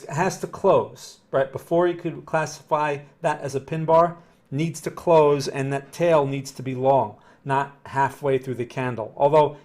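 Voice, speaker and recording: A man with a Northern New Jersey accent talks through market charts on a live stream, his voice sitting a little higher than most men's. He explains patiently and casually, regularly pausing to ask whether it makes sense. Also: darkish tone. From New Jersey, USA. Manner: conversational, explanatory, often checks "does that make sense"; upbeat when greeting viewers. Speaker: trading analyst streamer.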